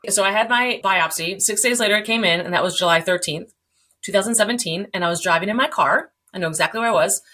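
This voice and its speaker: A woman in her forties telling her story as a podcast guest, animated, acting out quoted dialogue, swearing and laughing along the way. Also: medium pitch, fast talker. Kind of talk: candid storytelling.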